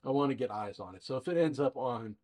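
A young man talks loosely on a home podcast, circling back over his words as he goes. His voice sits at an ordinary middle pitch. He sounds relaxed and unhurried. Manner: relaxed, rambling with restarts. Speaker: co-host, independent filmmaker. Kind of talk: casual podcast chat. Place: indoor dining room.

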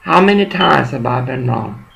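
A man's voice: mid-range voice, animated, moderate pace, vocal fry, a bit bright. A middle-aged man on a one-sided phone call, rambling, coaxing and profane. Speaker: caller.

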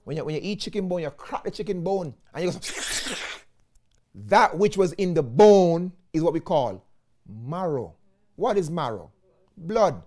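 Lively Jamaican evangelist preaching. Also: male voice, on the high side, measured pace. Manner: animated preaching, often addresses listeners as "friends", slips into patois. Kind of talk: sermon.

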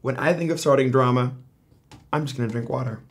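Talking at a quick pace, a man confides straight to the camera in a casual vlog as a YouTuber. He's profane and animated, lurching from loud outbursts down to low mutters.

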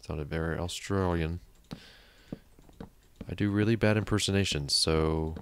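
Deep gravelly man narrating gameplay. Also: steady tone, measured pace, slight background noise. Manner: chatty, thinks aloud, mutters counts under his breath. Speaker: let's play host. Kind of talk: casual gameplay commentary.

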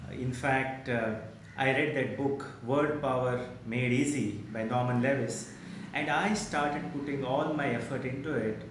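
A man's voice: medium pitch, fairly even intonation, a little slow, background noise. A man with an Indian English accent giving earnest, step-by-step speaking advice, often asking rhetorical questions. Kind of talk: motivational speaking lesson. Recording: very echoey room.

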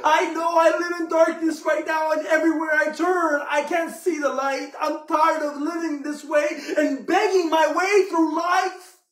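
A man voicing a desperate blind male beggar who pleads and shouts in a high, strained voice. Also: fairly even intonation, measured pace. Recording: echoey room, mic from afar.

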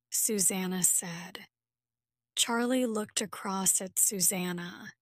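Slow, dry-voiced woman reading a story. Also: medium pitch, steady tone, no room sound. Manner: slow, carefully clear reading for learners. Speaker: narrator. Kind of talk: graded reader story narration.

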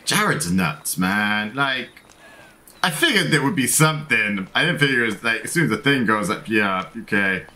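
A man's voice: lowish voice, animated, moderate pace, bright, forceful tone. A man hosting a let's play, casually commenting on the game and joking while reading choices aloud. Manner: chatty, jokey, reads in-game choices aloud.

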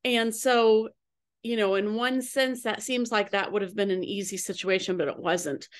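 A middle-aged woman coach tells a personal story, earnest and unhurried, dropping fillers as she goes. Her voice sits at an ordinary middle pitch. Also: steady tone.

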